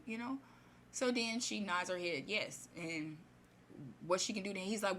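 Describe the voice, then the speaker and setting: A woman's voice: lowish voice, moderate pace, a bit bright, slight background noise. A woman casually retelling a fairy tale in her own words, rambling and chatty, with many restarts. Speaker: storyteller.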